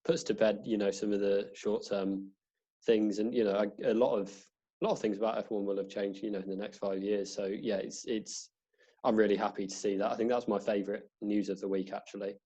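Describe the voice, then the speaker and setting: A man with a low, husky voice chats on a casual podcast. He talks eagerly and keeps repeating and restarting words. The recording sounds dull and lo-fi. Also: level tone, brisk, warm tone. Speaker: podcast co-host. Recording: dull lo-fi audio.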